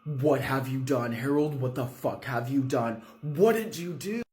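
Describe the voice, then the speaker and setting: A man's voice: medium pitch, steady tone, a little slow, a little mellow, close to an everyday voice. A man voicing a grief-torn wife. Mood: furious. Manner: raw, breaking, cursing. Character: grieving enraged wife, adult woman.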